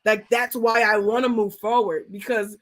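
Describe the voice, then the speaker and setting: Animated slangy woman pastor on a livestream. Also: mid-range voice, normal speed. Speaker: art therapy pastor hosting a livestream. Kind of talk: casual livestream chat and prayer.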